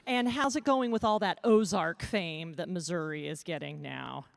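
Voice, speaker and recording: A woman's voice: on the low side, normal speed, creaky. A woman interviewing a contestant at an event, asking questions in a bubbly, upbeat way. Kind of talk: backstage interview. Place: event venue.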